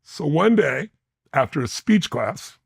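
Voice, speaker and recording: A man's voice: on the high side, big pitch swings, slow, vocal fry, husky, dry recording. A man being interviewed, telling personal stories with intensity and blunt emphasis. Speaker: interview guest. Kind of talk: animated personal storytelling.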